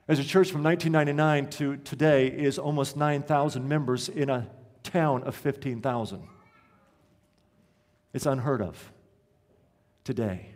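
A man's voice: mid-range voice, darkish tone. A male pastor preaching a sermon in a church, telling a story and building to rhetorical questions. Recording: echoey church hall.

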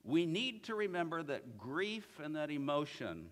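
A man's voice: a little high, sing-song, unhurried, fairly bright tone, long reverb tail. A man preaching a sermon in a church, earnest, reading scripture aloud with feeling.

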